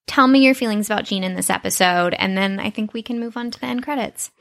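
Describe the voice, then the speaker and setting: Southern woman podcast co-host, casual and chatty, quick to laugh. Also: medium pitch, vocal fry, fairly bright tone. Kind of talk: casual chat.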